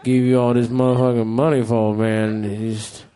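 A man voicing a deep-voiced, crude male stand-up comic who drawls and mumbles profanely. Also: flat delivery, normal speed, dark tone, clean tone, close to an everyday voice. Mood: weary grumbling.

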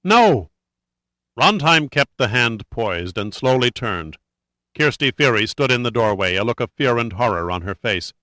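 Bright-voiced male audiobook narrator. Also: on the low side, normal speed, no echo.

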